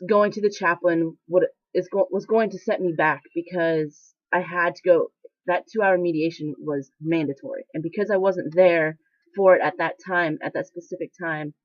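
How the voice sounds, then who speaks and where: A woman's voice: fairly low pitch, no echo. A young woman in military training, talking candidly in a casual confessional vlog, rambling and emotional with many fillers. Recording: dry, slightly dull lo-fi sound.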